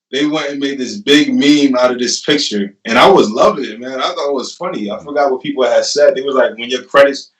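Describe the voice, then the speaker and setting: A young man in his twenties tells his story as a guest in a loose, laughing, animated way. He sits a little back from the mic. The room adds a noticeable echo. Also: mid-range voice. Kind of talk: casual storytelling. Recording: roomy, distant mic.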